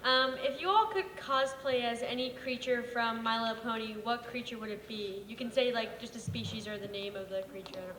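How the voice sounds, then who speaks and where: A woman's voice: fairly high pitch, moderate pace, hardly any pauses, fairly bright tone, a little hiss or hum. A woman in the audience casually asking the panel a question. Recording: echoey hall mic.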